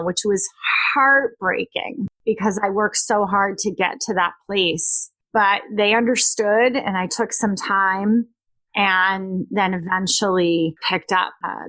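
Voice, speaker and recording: A woman coach talks through her own story in a relaxed interview, with plenty of ups and downs in how she tells it. She slips into quoted lines with small bits of acting. The sound is dry and close, with no room echo. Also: fairly low pitch. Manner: animated storytelling, acts out quoted dialogue. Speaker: guest author and emotional detox coach.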